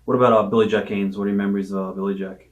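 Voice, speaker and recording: A man's voice: lowish voice, level tone, racing. A male interviewer asking short prompting questions about old wrestlers and reacting briefly to the answers. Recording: off-mic, distant from the microphone.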